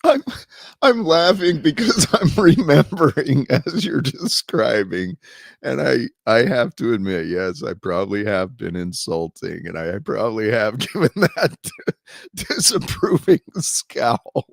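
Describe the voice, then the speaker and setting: A man with a low, gravelly voice co-hosts a casual chat show, speaking slowly and agreeably. His pitch moves a lot, and the recording sounds dry and close. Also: expressive, no room sound. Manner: laughs easily, agreeable. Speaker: co-host.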